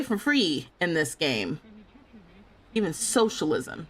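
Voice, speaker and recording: A woman's voice: medium pitch, very animated, moderate pace, a bit bright. A young adult woman livestreaming a life sim game, chatting casually, reading chat aloud, laughing and talking back with playful indignation.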